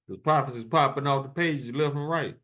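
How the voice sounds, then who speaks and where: A man delivering a fiery, profane sermon at an ordinary middle pitch. He moves from slow, solemn scripture reading to taunting, cursing asides. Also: fairly bright tone. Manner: profane, taunting, reads verses aloud. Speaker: preacher.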